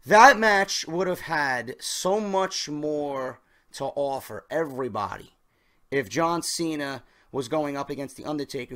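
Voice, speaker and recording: Higher-voiced male vlogger, casual wrestling news host who hammers key words. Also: a bit bright. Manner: emphatic, stresses key words, talks straight to viewers.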